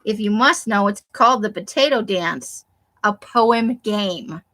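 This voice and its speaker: Animated and forceful, with a bright mid-range voice at a measured pace, a woman streamer hangs out with her audience. She calls out viewers by name to tease them and pokes fun at herself in casual livestream chat.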